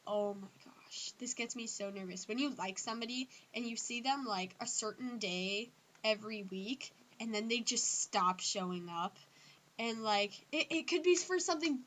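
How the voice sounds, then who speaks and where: A teenage girl ranting casually to her camera about things she hates, acting out other people's lines in squeaky voices. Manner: animated, acts out others in high squeals. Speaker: vlogger. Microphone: built-in camera mic.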